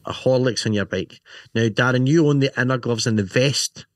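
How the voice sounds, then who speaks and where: Speaking at normal speed in a mid-range voice, a man co-hosts a relaxed podcast about motorcycle gear, the sound clean and echo-free. He rambles, jokes, and keeps asking "right?" between lots of "you know".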